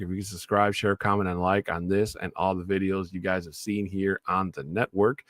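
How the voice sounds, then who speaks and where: A man hosting a solo sports talk show, chatting casually about the week's games and breaking into loud, enthusiastic shout-outs. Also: lowish voice, little pitch movement, fairly quick, few pauses, no echo, clean studio sound.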